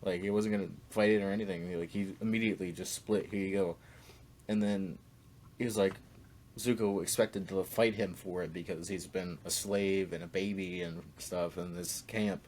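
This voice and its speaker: Low-voiced young man in casual chat. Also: fairly even intonation, moderate pace, darkish tone. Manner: loose, filler-heavy chat. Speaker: podcast co-host. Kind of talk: casual movie discussion.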